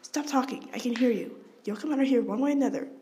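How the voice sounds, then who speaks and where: A woman reading aloud as a gruff grown man who threatens two kids through a door. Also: fairly high pitch, fast talker, dark tone, a little hiss or hum, close to an everyday voice. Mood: menacing.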